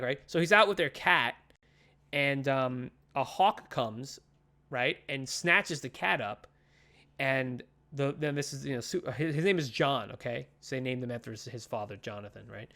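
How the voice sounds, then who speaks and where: On a comics podcast, a male co-host with a medium-pitched, slightly bright voice casually retells a story at a moderate pace. He acts out the characters' lines while swearing often and using plenty of fillers.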